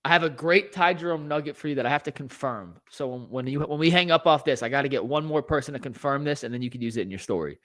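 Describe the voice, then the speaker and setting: A man's voice: medium pitch, fast, few pauses, a bit bright. A man hosting a sports talk show, talking animatedly and rattling off statistics.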